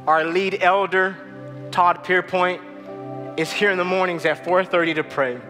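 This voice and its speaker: Impassioned high-voiced male preacher. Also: fairly even intonation, a little slow, in a large hall, faint music behind. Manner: impassioned, swinging from loud to hushed. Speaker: pastor. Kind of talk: sermon. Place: church hall.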